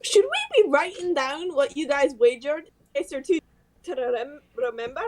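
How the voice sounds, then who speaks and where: A woman playing a tabletop game, chiming in with bright, teasing remarks. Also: high voice, big pitch swings, moderate pace. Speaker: player.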